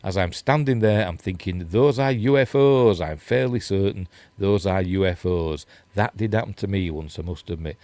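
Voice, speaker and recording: A man's voice: lowish voice, warm tone, dry recording. A middle-aged man with a Yorkshire accent, hosting a casual news chat and rambling through articles and stories. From Yorkshire, England. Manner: rambling, chatty, self-deprecating, reads quotes and chat comments. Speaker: host.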